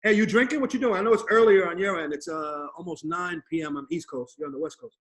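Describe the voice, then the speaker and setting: Man host on a remote podcast call, high voice, animated storytelling. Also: fast. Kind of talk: casual remote interview chat. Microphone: video call.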